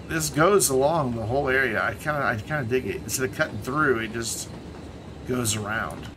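A man streaming himself playing a city-building game, talking casually in a relaxed, rambling way and trailing off into muttered asides. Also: medium pitch, a little hiss or hum.

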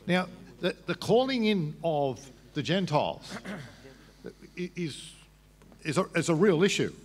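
A man answers a question at a public debate, walking through scripture patiently and often restarting his sentences. His voice sits a bit high. The sound has the long reverb of a large hall. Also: big pitch swings, slow.

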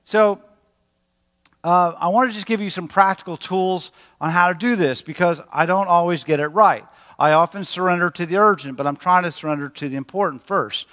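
Bright-voiced man preaching in a hall. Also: high-pitched, moderate pace. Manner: animated, acts out quotes with a raised voice. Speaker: pastor. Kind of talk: sermon. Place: church sanctuary. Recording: large church hall with long reverb.

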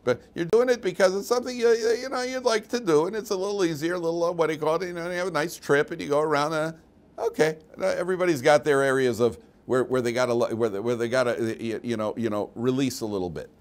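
An older man, a rabbi, leads an informal Torah class in a slightly high voice, talking fast. He's animated and digressive, restarting sentences and tossing in asides laced with dry, mocking humor.

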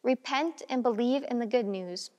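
A woman reading the gospel aloud in a worship service, measured and formal. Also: a little high, darkish tone, long reverb tail, muffled recording. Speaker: scripture reader.

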